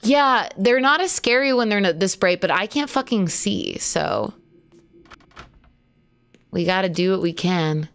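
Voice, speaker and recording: A woman's voice: medium pitch, sing-song, a little slow, long pauses, fairly bright tone. A woman streaming a horror game live, chatting to viewers, yelping at jump scares and swearing casually. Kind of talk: live horror gameplay commentary.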